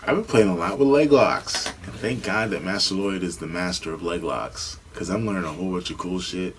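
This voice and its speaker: Against a noisy background, a young man with a low voice co-hosts a podcast, talking fairly quickly. He tells stories in casual chat and acts out the quoted voices with animation.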